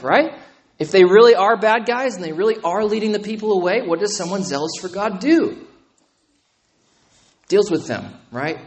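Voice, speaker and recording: High-voiced man preaching casually. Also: expressive, normal speed, long pauses. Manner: conversational preaching with frequent "right?" and "okay?". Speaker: pastor. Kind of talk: sermon.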